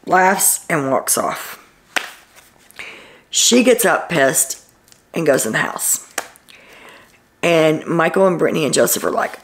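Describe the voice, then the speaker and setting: A woman's voice: on the low side, creaky, a little hiss or hum. A woman hosting a casual reality TV recap, telling what happened in a chatty storytelling way and quoting people with "he's like.".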